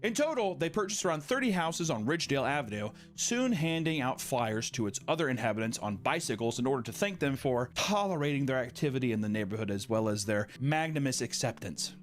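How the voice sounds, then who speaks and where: A man's voice: mid-range voice, animated, fast talker, few pauses. A man hosting a podcast, reading out a story with playful, sarcastic asides. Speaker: podcast host.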